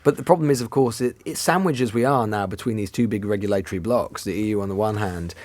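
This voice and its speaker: A man with a British accent, a journalist guest who talks through politics in fluent, rapid analysis. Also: lowish voice, a little mellow, dry recording.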